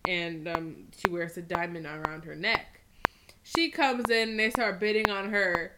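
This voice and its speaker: A woman's voice: mid-range voice, very noisy. A woman co-hosting a casual podcast, retelling movie scenes with lots of laughter. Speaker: podcast co-host.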